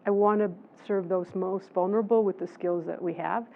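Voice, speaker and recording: A woman's voice: medium pitch, fairly even intonation, normal speed, gravelly. A woman in her sixties, a professor answering audience questions in an emphatic, conversational lecture manner that drives points home by repeating them. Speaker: professor and guest speaker. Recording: tinny phone-like recording.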